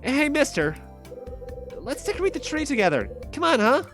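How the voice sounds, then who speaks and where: A man voicing a cheerful, excitable little girl from a video game, in a bubbly sing-song falsetto. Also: normal speed, soft background music, exaggerated voice. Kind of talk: reading game dialogue aloud on a stream.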